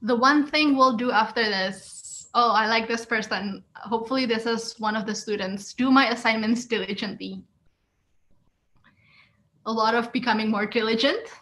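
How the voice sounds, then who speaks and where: A woman's voice: a little high, moderate pace, a bit bright. A woman giving an encouraging webinar talk as guest speaker, reading out and answering audience responses. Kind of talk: webinar presentation.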